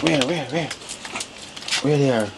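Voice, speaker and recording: A Jamaican woman with a low, unhurried voice chats casually and teasingly, repeating short phrases. Steady noise sits behind her outdoor recording. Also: creaky. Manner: teasing, repeats herself, talks to dogs. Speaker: vlogger. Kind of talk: casual chat.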